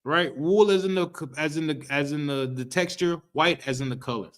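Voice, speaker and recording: A man's voice: on the high side, fairly bright tone. Man teaching scripture in slangy street talk. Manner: reads verses slowly, then explains loosely with "right?" and acted reactions. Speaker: street teacher of a history class.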